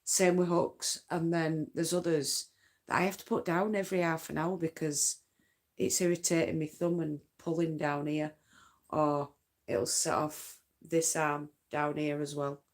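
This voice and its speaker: Yorkshire woman rambling on a late night craft stream, lowish voice, unhurried. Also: little pitch movement. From North Yorkshire, England. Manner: rambling, chatty, uses dialect forms. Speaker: craft livestream host. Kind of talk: casual late-night live chat.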